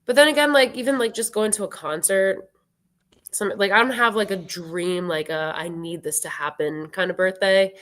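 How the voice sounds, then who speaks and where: A woman's voice: mid-range voice, moderate pace, fairly bright tone. A woman in her twenties, a guest on a show, chatting casually and filling her sentences with "like.". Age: 20s. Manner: chatty, full of "like" fillers. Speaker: guest musician. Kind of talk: casual birthday chat.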